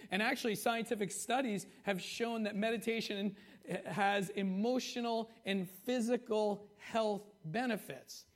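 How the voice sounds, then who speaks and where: A man with a high voice and steady tone preaches a conversational sermon as a pastor. He slows down to stress key points and often asks the congregation "right?" and "okay?".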